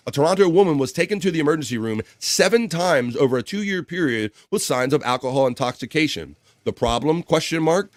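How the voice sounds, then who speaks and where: A man's voice: medium pitch, dry recording. Profane, joking male stream host. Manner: loose, profane, joking banter with frequent laughs. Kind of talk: casual live-stream chat, reading viewer comments and news.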